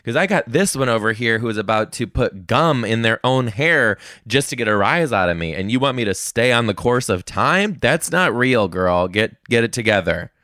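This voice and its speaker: A young man telling classroom stories as a comedic monologue, sassy and animated, bursting into high-pitched rants. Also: normal speed, few pauses, no room sound, studio quality.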